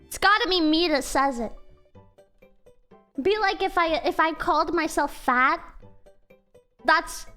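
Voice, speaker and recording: A woman's voice: extremely high pitch, measured pace, pauses often, sharp tone, faint music behind. A woman with an American accent chatting casually on a livestream, giggly and rambling with lots of "like" fillers.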